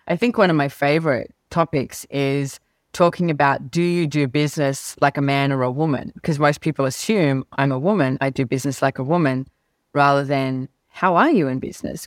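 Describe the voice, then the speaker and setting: A middle-aged woman guest on an interview show, telling stories and acting out past conversations with big jumps in pitch. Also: no echo, clean studio sound. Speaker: guest, business author. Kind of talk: animated storytelling interview talk.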